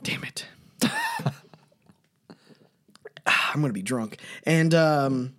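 A man's voice: medium pitch, slow, fairly bright tone. A man co-hosting a casual chat, joking around, swearing freely and stumbling over his words. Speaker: co-host.

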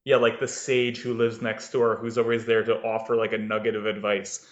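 This co-host's voice is fairly low and level, moving at a moderate pace with a roomy sound. He chats casually on the podcast, rambling, using plenty of fillers and laughing often, and the audio is slightly dull and lo-fi.

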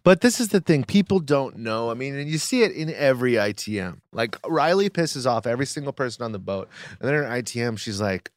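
A man's voice: mid-range voice, lively intonation, fairly quick, few pauses, no room sound, studio quality. A man co-hosting a podcast in casual chat, wry and full of joking quips. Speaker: podcast co-host.

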